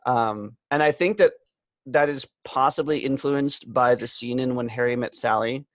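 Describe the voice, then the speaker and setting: Male co-host, casual podcast banter, mid-pitched, meandering, close dry mic. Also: moderate pace, no echo. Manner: rambling, hesitant with many "um"s.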